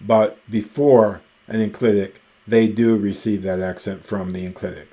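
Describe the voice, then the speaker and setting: Male teacher, deep voice, unhurried and methodical, lecture delivery with frequent pauses. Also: flat delivery, mellow. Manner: slow, methodical, pausing often with ums. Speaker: Greek teacher. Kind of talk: recorded grammar lecture.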